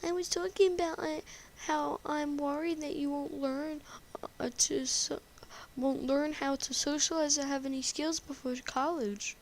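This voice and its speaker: A woman's voice: high-pitched, steady tone, unhurried, slight background noise, pitched above the performer's own voice, low-quality recording. A woman voicing a cheerful, fretful teenage schoolgirl as she reads game dialogue aloud in a sweet, earnest way. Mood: pleading.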